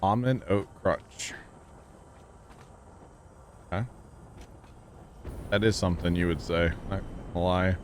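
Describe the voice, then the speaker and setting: A man chatting casually while livestreaming a video game, rambling and joking as he thinks out loud. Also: low-pitched, slow, pauses often, a little hiss or hum. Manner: rambling, jokey, thinking aloud. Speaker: game streamer. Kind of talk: casual gameplay livestream chat.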